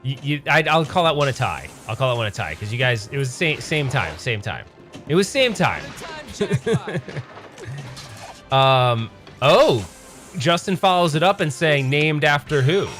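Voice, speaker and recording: A man's voice: mid-range voice, big pitch swings, measured pace, a bit bright, soft background music. Rambling man hosting a pinball stream. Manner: rambling, self-correcting, chatty with chat. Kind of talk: casual livestream commentary.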